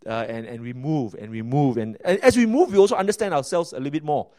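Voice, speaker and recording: Animated Malaysian English-speaking male pastor. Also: a little high, fast. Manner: animated, chatty, frequent filler words and restarts. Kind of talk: sermon storytelling.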